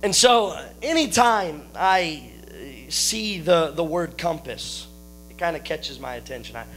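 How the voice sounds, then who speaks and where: A man preaching a sermon to his congregation, explaining scripture with folksy jokes and friendly asides to listeners, with a steady hum behind him. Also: fairly high pitch, measured pace. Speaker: pastor.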